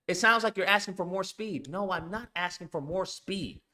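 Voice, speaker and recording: A man's voice: sits high, normal speed, bright, forceful tone. A man hosting a live stream, ranting emphatically about a video game, repeating points and swearing often. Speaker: streamer and show host. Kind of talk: casual live-stream rant.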